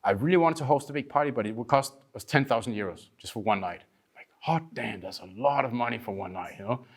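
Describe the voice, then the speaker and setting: A man from Denmark giving a workshop talk, telling lively stories, acting out other people's voices and swearing casually. He says he is short on sleep. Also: mid-range voice, quick pace. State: tired from lack of sleep. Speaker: workshop speaker.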